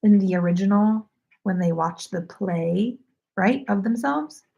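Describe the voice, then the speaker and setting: This woman's voice is medium-pitched, expressive, gravelly and mellow, unhurried, and heard through lo-fi sound. She's a knitting livestream host chatting casually from home, rambling and using "like" over and over.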